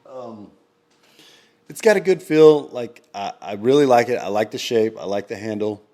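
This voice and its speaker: A man co-hosting a podcast in casual chat, rambling with lots of ums and quick laughs. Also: medium pitch, mellow. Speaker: podcast co-host.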